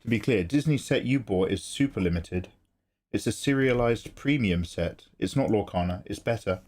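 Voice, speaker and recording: A man's voice: on the low side, moderate pace, a little mellow. A man chatting casually on a live drawing stream, joking and self-mocking. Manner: joking, laughs between lines, self-mocking.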